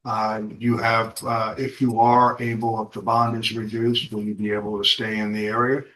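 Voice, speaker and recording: A male defense attorney questioning his client in a courtroom. His voice is low, bright and flat, and he speaks haltingly, often restarting. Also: a little hiss or hum, low-quality recording. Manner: halting, repeats himself.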